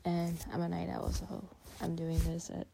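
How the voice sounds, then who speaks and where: Woman ranting in a gravelly half-whisper. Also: fairly low pitch, completely flat delivery, normal speed, warm tone, a little hiss or hum, low-quality recording. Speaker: vlogger reacting to a reality show. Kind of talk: hushed late-night commentary. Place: bedroom at night, dogs asleep on bed.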